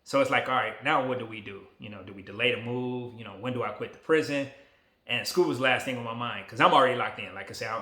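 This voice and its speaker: Bright-voiced man in his forties. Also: medium pitch, reverberant. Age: 40s. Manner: relaxed, emotional, motivational. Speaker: vlogger. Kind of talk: casual talk to camera. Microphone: phone camera.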